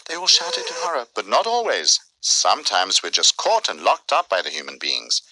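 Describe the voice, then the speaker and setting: A man voicing an old wandering male bear in a dubbed cartoon, explaining things slowly and patiently. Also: on the low side, huge pitch swings, sharp tone, no room sound, heavily acted, rough recording. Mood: explaining gravely.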